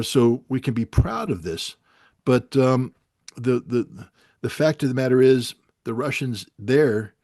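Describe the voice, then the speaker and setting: A man's voice: medium pitch, a little mellow, no room sound, studio quality. A man speaking with frustration and emphasis on a talk show, often restarting his sentences. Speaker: guest commentator. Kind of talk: impassioned talk show discussion.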